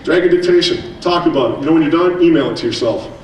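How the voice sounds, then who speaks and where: An American man giving a conference keynote, telling stories with quick asides and jokes. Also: a little high. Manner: animated storytelling with quick asides. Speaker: keynote speaker, teacher. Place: large hall. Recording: echoey hall, distant mic, faint noise.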